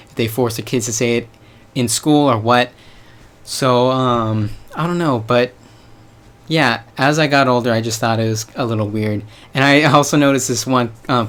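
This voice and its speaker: Talking informally to his audience, a young man from the US delivers a loose vlog monologue full of hedges and slang. His mid-range voice has a fairly bright tone.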